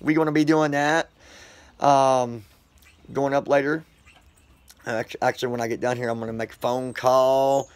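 A man's voice: mid-range voice, flat delivery, moderate pace, long pauses, clean tone, no echo. A man vlogging casually outdoors, chatting and joking directly with his viewers in an upbeat, rambling way. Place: outdoors on concrete.

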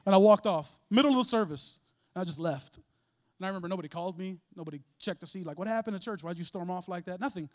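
Young man, preacher, sermon, high-pitched, rapid delivery, animated and emphatic. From Chicago. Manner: animated, preaching with loud emphatic bursts and quick asides. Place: church sanctuary.

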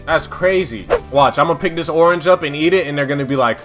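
A young man giving loud, slangy, exasperated commentary while playing a school simulator game. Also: on the high side, fast, hardly any pauses, faint music behind. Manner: slangy, repeats phrases. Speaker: gaming YouTuber. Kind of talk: casual let's-play commentary.

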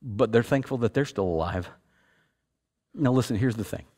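A man, the senior pastor, preaching a sermon in a conversational way. He repeats words for emphasis and drops from loud, emphatic peaks to hushed, quiet stretches. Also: mid-range voice, normal speed. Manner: repeats words for emphasis, casual fillers like "like" and "you know".

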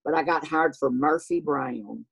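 An older man with a Southern US accent and a high voice often taken for a woman's, telling stories in a lively way and acting out the voices. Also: measured pace, gravelly, slightly rough. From American South. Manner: animated, acts out voices in his stories. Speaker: guest. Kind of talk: casual anecdotal storytelling.

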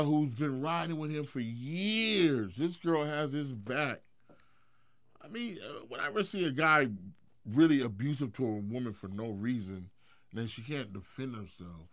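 Gravelly middle-aged man telling stories. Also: medium pitch, no room sound. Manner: animated, profane storyteller who swings into loud acted quotes. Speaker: interview guest. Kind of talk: storytelling in a sit-down interview.

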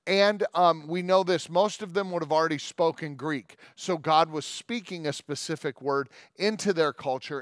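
A male pastor giving a sermon in a conversational, joking way, with quick asides and long scripture readings. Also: on the high side, fairly bright tone, no room sound, studio quality. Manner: reads scripture aloud at length.

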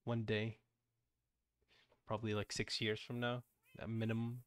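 A man's voice: fairly low pitch, monotone, no echo. A young man streaming as a VTuber, chatting casually while playing a game with a friend. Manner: chatty, quick shifts between loud and soft. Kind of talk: casual gaming chat.

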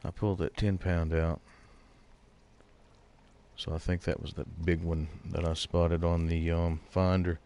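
A man's voice: low voice, little pitch movement, unhurried, long pauses, a little mellow. A man streaming a game and chatting casually with his viewers, bantering with them by name. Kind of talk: casual live gameplay commentary.

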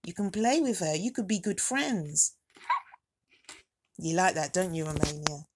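A woman hosting a doll unboxing vlog at home, talking to her dolls in a gentle, motherly baby-talk voice. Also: fairly low pitch, unhurried, heavy background noise. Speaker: doll collector and channel host.

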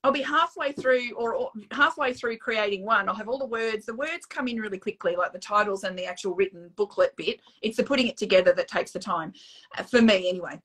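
A woman's voice: mid-range voice, fairly quick, fairly bright tone, breathy edge, low-quality recording. A woman with an Australian accent, a guest author chatting casually on a live stream, laughing often and swearing casually. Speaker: guest author, oracle card creator.

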